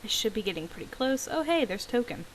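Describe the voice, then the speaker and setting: A woman hosting a let's play, chatting casually and reacting out loud as she plays. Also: fairly high pitch, very animated, quick pace, slight background noise, poor audio. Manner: chatty, reacting aloud to the game. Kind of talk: casual gameplay commentary.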